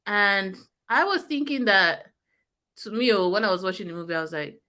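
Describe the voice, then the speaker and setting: A woman with a Nigerian accent, co-hosting a casual movie review chat and retelling scenes in an animated way. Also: medium pitch, moderate pace.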